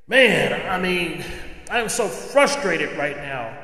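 A man's voice: sits high, expressive, takes it slowly, sharp tone. A man hosting a solo opinion podcast, ranting indignantly and firing off rhetorical questions. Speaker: podcast host. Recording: echoey room with long reverb.

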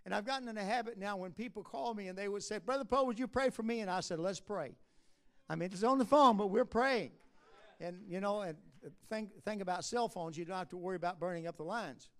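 At a church conference, a man preaches conversationally, full of halting restarts and drawn-out "uh" fillers. He rises to emphatic lines and drops low and soft for asides.

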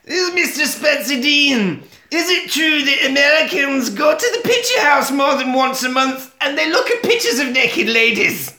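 A man's voice: very high-pitched, sing-song, moderate pace, few pauses, pushed and bright, voice pushed up, exaggerated voice. A man voicing a prim, disgusted young Scottish woman asking accusing questions. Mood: indignant. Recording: roomy echo.

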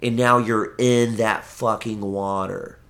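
Guy w a lowish voice rambling on a podcast, swears a lot, keeps restarting. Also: fairly even intonation, slow, a bit bright. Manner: rambling and profane, with frequent restarts. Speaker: podcast guest. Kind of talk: casual chat.

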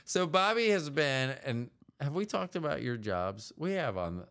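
A man's voice: a little high, very animated, unhurried, a bit bright. A man co-hosting a podcast, chatting casually with his partner in a rambling, joking, self-deprecating way. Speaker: podcast co-host.

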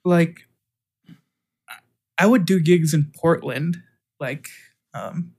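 Podcast co-host guy, kinda high voice, hesitant and dry. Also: slow, darkish tone, breathy edge. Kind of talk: casual podcast chat.

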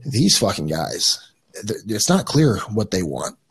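Husky, low-voiced man telling a story. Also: sing-song, a little slow. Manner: rambling, with frequent restarts and swearing. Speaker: podcast guest. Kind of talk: casual storytelling.

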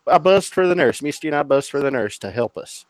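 A man's voice: on the high side, expressive, fast, faint music behind. A man recovering from a leg amputation tells a hospital story in casual, profane chat, acting out the people he quotes. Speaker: podcast host telling a story.

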